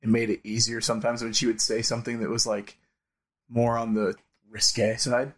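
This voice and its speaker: A man co-hosting a podcast in casual chat, agreeing often, laughing along and adding quick quips. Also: mid-range voice, completely flat delivery. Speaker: podcast co-host.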